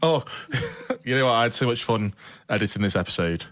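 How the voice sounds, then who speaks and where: A man's voice: medium pitch, expressive, a little fast, fairly bright tone. A man co-hosting a music podcast, teasing his co-host and laughing often. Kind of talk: casual chat.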